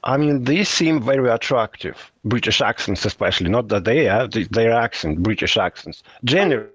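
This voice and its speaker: A man's voice: medium pitch, expressive, moderate pace, fairly bright tone, slightly rough, no echo. A man in casual chat who asks questions, hedges and restarts his sentences. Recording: dry, dull lo-fi sound.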